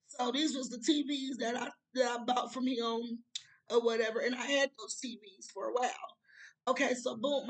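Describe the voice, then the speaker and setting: A woman, telling a casual storytime to her viewers in an animated, profane way, often checking in with "right?". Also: high-pitched, creaky, rough recording. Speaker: storyteller vlogger.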